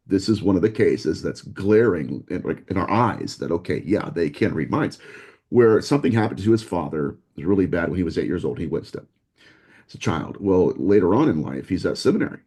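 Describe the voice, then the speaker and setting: A man, a guest researcher, telling stories in a casual conversation, quick and animated, acting out the people he quotes. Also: sits low, slightly rough. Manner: animated, fast storyteller who acts out quotes. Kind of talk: casual storytelling in a podcast conversation.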